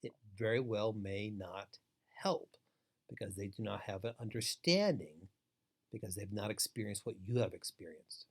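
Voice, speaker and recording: A man's voice: fairly low pitch, animated, moderate pace. Emphatic man giving a training webinar. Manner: emphatic, repetitive, instructive. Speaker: foster care trainer. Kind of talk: webinar lecture.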